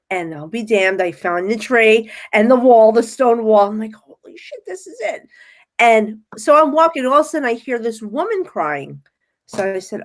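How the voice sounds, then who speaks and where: A woman tells her story as a podcast guest, mid-pitched and chatty. She jumps into little voices for the people in her tale, keeping a casual, excited flow. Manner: animated storyteller, acts out her own quotes. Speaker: guest medium.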